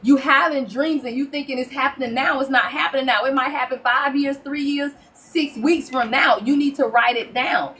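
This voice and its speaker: A high-voiced woman reads tarot for her live-stream viewers, preaching in an animated way and calling them "y'all" and "child". A faint hum sits under her voice, as from a home setup with a phone or webcam mic. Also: moderate pace, few pauses. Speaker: tarot reader. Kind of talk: live-stream spiritual reading.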